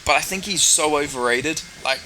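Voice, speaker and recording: A man talks through fight predictions in casual, rambling chat and swears freely. His voice is bright and forceful. A faint noise sits underneath. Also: a little high, normal speed, low-quality recording.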